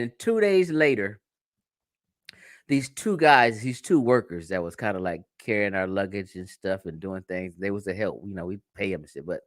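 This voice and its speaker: A man's voice: mid-range voice, fairly bright tone, no echo, clean studio sound. A man from the United States hosting a livestream, talking casually and profanely to his viewers, telling stories and laughing often. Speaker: livestream host.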